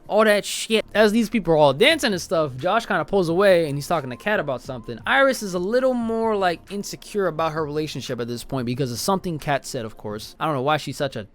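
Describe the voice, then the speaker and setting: A young man talks through a film review in an offhand, slangy way, dropping to mumbles and then jumping up into loud bursts. His voice sits a little high and swings widely in pitch. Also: lively intonation, quick pace, hardly any pauses. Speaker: movie reviewer. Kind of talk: casual spoken movie review.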